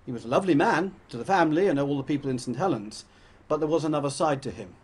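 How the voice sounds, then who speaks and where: A man's voice: fairly high pitch, expressive, fast, husky. An older man from England gives a rambling, anecdotal talk to an audience, often correcting himself as he goes. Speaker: public speaker.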